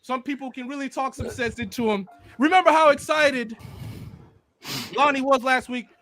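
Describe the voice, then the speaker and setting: A man putting on a preacher's voice for a mock eulogy, swelling loud and dropping soft in sermon cadence. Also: very high-pitched, normal speed, soft background music, pitched above the performer's own voice. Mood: solemn. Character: adult male preacher delivering a mock eulogy. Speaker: podcast host.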